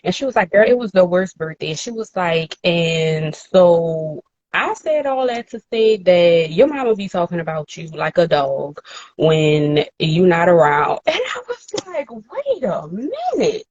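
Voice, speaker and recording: A woman co-hosting a podcast, telling a candid personal story in casual slang, swearing freely and jumping up into a higher voice when she quotes people. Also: measured pace. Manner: animated, acts out quotes in a higher voice. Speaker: podcast co-host. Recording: dull, dry sound.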